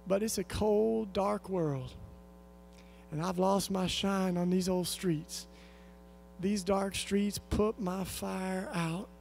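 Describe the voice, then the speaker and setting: Guy in a sermon quoting a worn out street woman, wistful and soft, high voice. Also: steady tone, slow pace, gravelly, soft background music, heavily acted. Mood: sorrowful.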